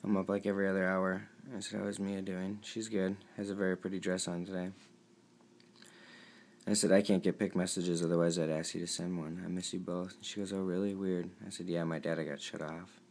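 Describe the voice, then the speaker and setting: A man's voice: deep voice, level tone, a little fast, darkish tone, slight background noise. A young man reading out his text messages, speaking in an earnest, pleading, downcast way. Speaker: vlogger.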